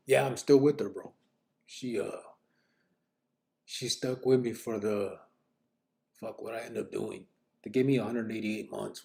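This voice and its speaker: On a live podcast, a man with a lowish, gravelly, somewhat dark voice tells his own story. His style is blunt, profane street talk packed with fillers.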